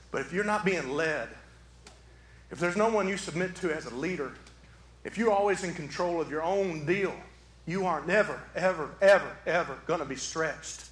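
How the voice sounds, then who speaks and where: A man preaching a sermon from the pulpit, animated, swinging from quiet talk to shouting. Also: a little high, normal speed. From southeastern Michigan. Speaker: pastor. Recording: echoey hall.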